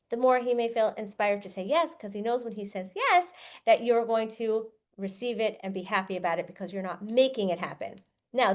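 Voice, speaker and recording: A woman hosting a podcast, talking earnestly in a casual advice style and acting out quoted lines as she explains. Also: a little high. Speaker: podcast host.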